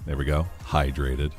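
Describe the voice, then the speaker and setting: A man streaming a game, chatting casually with his chat, laughing easily as he plays. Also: extremely low pitch.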